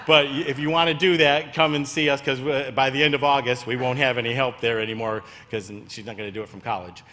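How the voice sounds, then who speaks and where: A man giving church announcements in a sanctuary, in a warm, rambling way that turns emotional. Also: medium pitch, fairly even intonation, quick pace. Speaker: church staff member making announcements.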